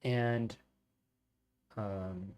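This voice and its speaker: A man streaming live football watch-along commentary, reacting excitedly as a fan and chatting with viewers. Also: on the low side, very slow.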